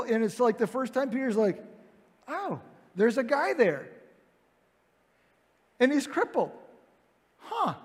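A high-voiced male pastor preaches a sermon in a large hall with heavy reverb. He keeps it conversational and acts out the scene, quoting voices, and the sound is reverberant throughout.

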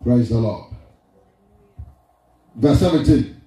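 A man preaches a sermon in a sing-song cadence, repeating his lines for emphasis. His mid-range voice is mellow and animated, and he takes his time. The recording sounds distant, in a very echoey hall with faint music.

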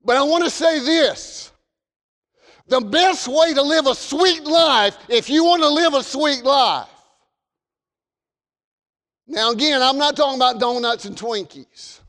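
A man with a Southern US accent preaching a fervent sermon, shifting between shouted warnings and folksy storytelling. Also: extremely high pitch, measured pace, pauses often, long reverb tail. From American South.

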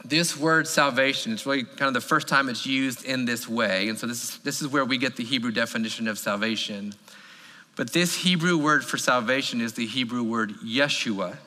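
A man preaching a sermon as pastor, emphatic and animated. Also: medium pitch. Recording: long reverb of a large hall.

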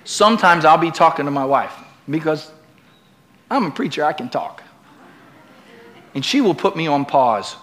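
A middle-aged male pastor preaching a sermon in a church, swinging from loud, emphatic preaching to relaxed, joking asides with the congregation. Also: fairly high pitch, moderate pace, long pauses.

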